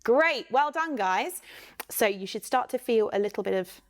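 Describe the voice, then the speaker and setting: An English woman teaching children a singing warm-up online, counting along and encouraging them. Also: a little high, expressive, moderate pace.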